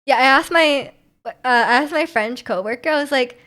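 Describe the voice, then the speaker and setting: High-pitched young woman streamer, chatty and giggly, reading chat aloud in a relaxed casual tone at a home streaming setup. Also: moderate pace. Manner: chatty and giggly, with frequent laughs and filler words. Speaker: livestream host.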